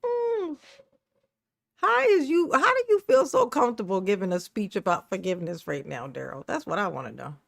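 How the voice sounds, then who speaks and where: A woman's voice: mid-range voice, very animated, normal speed, gravelly, no room sound, studio quality. A woman making sarcastic reaction commentary, full of mocking, slangy asides. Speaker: commentary YouTuber.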